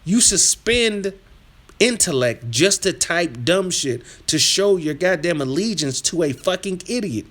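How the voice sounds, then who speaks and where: A man hosting a live stream, reading chat aloud and trash-talking viewers in a combative, rambling rant that drops to mutters and rises to yelling. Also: expressive, a little slow. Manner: swings from low muttering to loud yelling. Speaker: livestream host reading chat.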